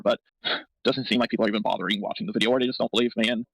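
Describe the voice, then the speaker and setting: A man on a voice call, emotional and close to tears, rambling and justifying himself with halting restarts. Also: fairly low pitch, steady tone, gravelly, a bit bright, breathy edge, dry recording, low-quality recording. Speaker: call participant.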